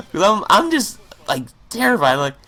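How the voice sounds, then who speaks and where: A man hosts a gaming video and tells a long story in a loose, swearing ramble, tripping over his words and starting sentences again. His voice moves freely up and down in pitch, with a middling, ordinary register underneath. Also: a bit bright. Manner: rambling and profane, with stammered restarts. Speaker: gaming channel host. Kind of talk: casual storytelling over gameplay.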